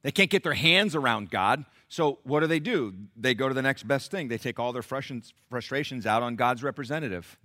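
This middle-aged pastor delivers his sermon a little fast, with few pauses and lively intonation. He drops to a low, confiding voice and then bursts into loud exclamations as he plays the people in the passage.

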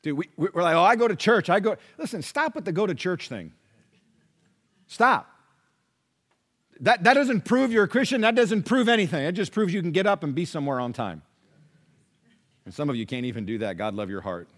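Animated preacher with a higher voice. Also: male voice, moderate pace, long pauses. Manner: dynamic preaching, swings between loud and hushed; conversational, acts out listeners' replies. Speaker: pastor. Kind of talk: sermon.

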